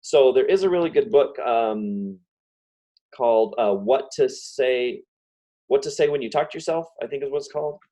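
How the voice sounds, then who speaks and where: A man giving a casual self-help talk on a video call. He talks fast and repeats example phrases over and over. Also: medium pitch, dark tone. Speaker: guest speaker.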